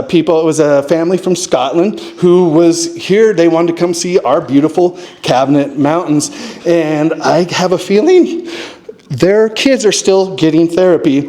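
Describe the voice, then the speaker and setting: A man from Montana telling a comic story at a live show, acting out what people said in sudden raised voices. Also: measured pace. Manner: animated, acts out quotes with sudden high-pitched voices. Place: distillery stage before a live audience.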